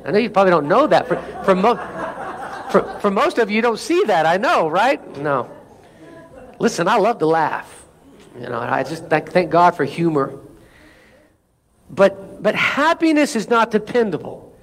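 A man's voice: high-pitched, big pitch swings, moderate pace, long pauses, a bit bright. A man preaching a sermon as pastor, asking the room for amens and reading scripture with rising intensity. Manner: preaching with call-and-response asides.

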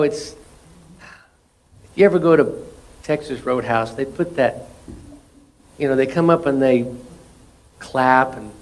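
Male pastor, sermon delivery, high voice, animated, with laughing asides. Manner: animated, laughing asides and swings from loud exclamation to soft intimacy.

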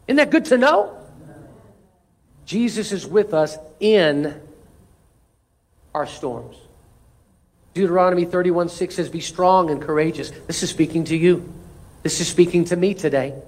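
A male pastor preaching a sermon, leading the congregation in call-and-response and repeating key lines for emphasis. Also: sits high.

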